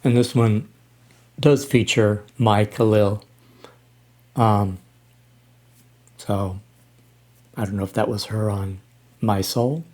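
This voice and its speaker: A man in his sixties talking casually as he reacts to music, halting with frequent ums and restarts. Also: lowish voice, fairly even intonation, darkish tone. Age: 60s. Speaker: reaction channel host.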